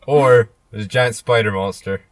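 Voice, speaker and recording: A young man co-hosting a late-night casual podcast chat in a van, with dry, deadpan jokes. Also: lowish voice, normal speed, no echo. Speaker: podcast co-host. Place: inside a van.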